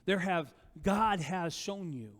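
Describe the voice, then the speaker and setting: A male pastor preaching a sermon in a conversational, animated way, often asking rhetorical questions of the congregation. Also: high-pitched, slow pace, in a large hall.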